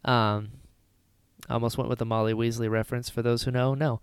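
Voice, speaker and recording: A woman hosting a podcast, recapping a film in casual chat with lively retellings. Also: very deep voice, clean tone, no echo. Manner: animated retelling with quick character voices. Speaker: podcast host.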